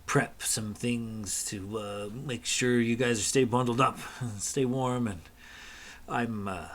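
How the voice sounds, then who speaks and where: A man's voice: mid-range voice, fairly even intonation, slow, fairly bright tone. A man voicing a worried fatherly middle-aged man who likes his whiskey, speaking hesitantly with many fillers. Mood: worried, hearty.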